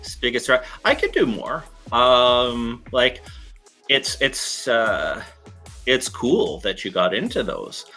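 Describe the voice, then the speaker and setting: A man chatting as a game developer guest, with dry deadpan humor and hesitant fillers. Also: medium pitch, takes it slowly, soft background music. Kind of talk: casual interview chat.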